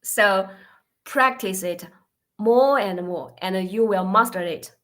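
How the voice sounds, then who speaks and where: A woman whose first language is Mandarin, teaching beginners in a live online class, speaking slowly and patiently while drilling sounds for learners to repeat. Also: mid-range voice, a bit bright. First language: Mandarin Chinese. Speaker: Chinese teacher.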